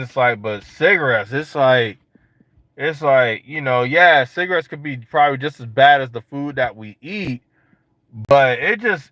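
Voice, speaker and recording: A young man casually joking and riffing to his viewers in a vlog, slangy and animated. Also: on the high side, no echo. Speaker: vlogger. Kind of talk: casual monologue to camera. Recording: dull lo-fi sound.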